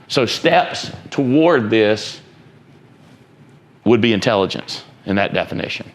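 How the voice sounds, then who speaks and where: An entrepreneur and motivational speaker gives students an informal pep talk, emphatic and rambling, frequently checking that the room is following him. His mid-range voice is animated and unhurried.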